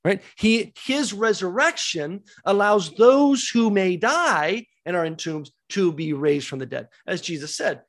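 A man's voice: sits high, expressive, a little slow, few pauses, a bit bright. A man teaching a Bible study class, emphatic, asking rhetorical questions and repeating key words.

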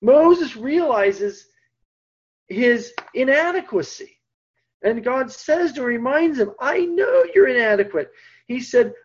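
A man teaching a lecture on scripture, reading verses aloud with stress on key words and swinging between loud and hushed delivery. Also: sits high, animated, moderate pace, breathy edge. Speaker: Bible teacher. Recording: dull lo-fi recording.

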